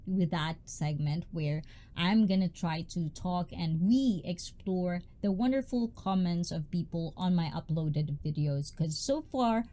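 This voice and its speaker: A woman chats through a casual livestream, greeting viewers one after another. Her high voice swings widely in pitch, and its tone stays warm and mellow rather than sharp. She is loud, bubbly and talkative throughout. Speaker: livestream host.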